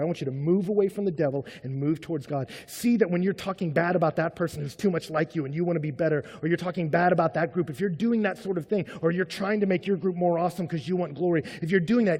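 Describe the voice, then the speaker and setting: A man preaching a sermon in a conversational way, swinging between loud and hushed. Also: on the high side, slightly rough. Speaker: pastor. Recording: long hall reverb.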